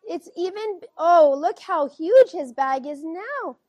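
A woman teacher reading a picture book aloud to children, gently asking them questions as she goes. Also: extremely high pitch, expressive, slow pace. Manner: gentle, questioning, keeps checking in with the kids.

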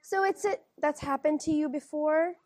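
A woman teacher reading a picture book aloud to children, gently asking them questions as she goes. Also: high-pitched, normal speed, no room sound, studio quality. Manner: gentle, questioning, keeps checking in with the kids.

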